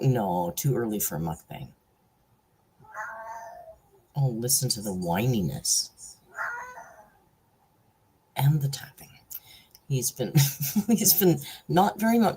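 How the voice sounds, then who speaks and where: A woman's voice: very deep voice, dark tone, slightly rough, rough recording. A woman hosting a casual live stream from home. She chats freely, laughs often and coos at her pet. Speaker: livestream host.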